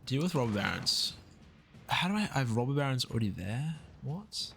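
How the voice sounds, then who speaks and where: A man's voice: mid-range voice, very animated, a little fast, vocal fry, fairly bright tone. Chatty Australian man streaming a game. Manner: rambling, upbeat, swears casually, chats with viewers. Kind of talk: casual live-stream gameplay chat. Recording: faint music behind the voice. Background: faint background music.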